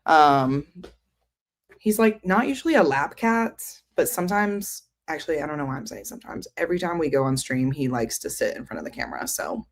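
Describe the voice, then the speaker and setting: On a book livestream, a woman with a low voice chats casually and rambles while answering viewers' comments. She sounds very animated and talks fairly quickly, using lots of fillers like "um" and "like."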